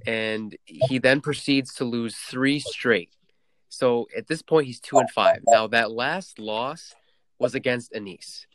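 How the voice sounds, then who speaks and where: A man's voice: mid-range voice, slow pace, no echo. A man co-hosting a casual podcast chat, laying out facts methodically. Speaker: podcast co-host.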